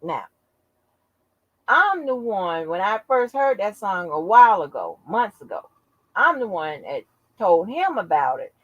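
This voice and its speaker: Lively, profane woman telling a story. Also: mid-range voice, a little slow, no echo, dull audio. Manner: animated, profane, acts out quotes. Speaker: channel host. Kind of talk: casual storytelling chat.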